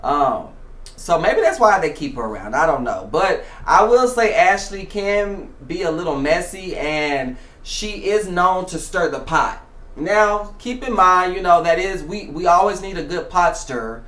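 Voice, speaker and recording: A man's voice: high-pitched, expressive, measured pace, a bit bright. A man hosting a show, giving casual reality TV commentary in a chatty way, with many fillers and restarts. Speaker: show host. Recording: echoey room.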